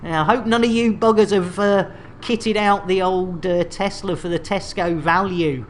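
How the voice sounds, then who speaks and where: A medium-pitched British woman speaks at a moderate pace, with a little hiss or hum on the recording. She runs a casual gaming livestream from the UK, joking and chatting with the audience, laughing frequently and reusing catchphrases.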